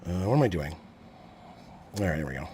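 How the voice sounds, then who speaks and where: A man's voice: low voice, very animated, a little fast, warm tone, slight background noise. A man around forty hosts a live sports stream in an easy, rambling chat. He talks with plenty of fillers and restarts, and his voice comes through a Bluetooth headset. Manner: chatty, rambling, many fillers.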